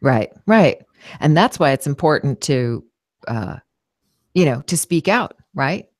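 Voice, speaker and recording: A woman's voice: low-pitched, big pitch swings, a little slow, dry recording, studio quality. A woman voice actress talking as an interview guest, thoughtful, with many "you know"s and restarts. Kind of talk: casual interview conversation.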